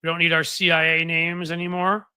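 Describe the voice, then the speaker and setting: A man's voice: a little high, level tone, a little fast, sharp tone, clear, resonant tone, dry recording. A man hosting a casual political live stream, chatting to viewers in a rambling, easygoing way. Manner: rambling, chatty, many fillers and restarts. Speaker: political commentary host. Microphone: desk microphone.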